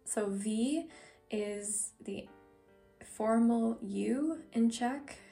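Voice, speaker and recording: A woman's voice: on the high side, drawn-out words, creaky, dark tone, faint music behind. A woman hosting a vlog-style podcast about learning a language, talking casually with many fillers and restarts; English is her first language. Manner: chatty, frequent fillers and self-corrections. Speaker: podcast host.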